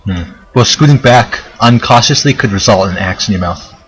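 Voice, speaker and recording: Low-voiced man running a tabletop game. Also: brisk, faint music behind, rough recording. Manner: relaxed, explains rules with many fillers. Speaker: dungeon master.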